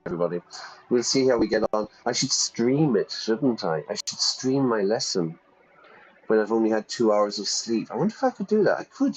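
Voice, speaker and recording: A man's voice: fairly low pitch, a little mellow, rough recording. A man, a teacher who rambles casually to viewers while reading game text aloud on a stream. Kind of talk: casual game let's play.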